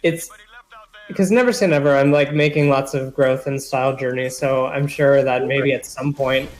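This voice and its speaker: A young man in relaxed podcast chat, his pitch in the middle for a man. He meanders through his thoughts and leans on "like" again and again. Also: moderate pace, rough recording. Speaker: podcast co-host. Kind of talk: casual chat.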